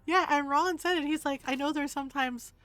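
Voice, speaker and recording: A woman's voice: high-pitched, fairly quick, a bit bright, no room sound. A woman streamer chatting casually while gaming, laughing often and acting out quotes.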